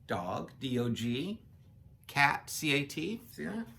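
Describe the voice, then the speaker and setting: A woman's voice: a bass voice, sing-song, takes it slowly, vocal fry, fairly bright tone, a little hiss or hum. A woman reading a children's picture book aloud, adding playful, chatty asides to young listeners. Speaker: children's story reader.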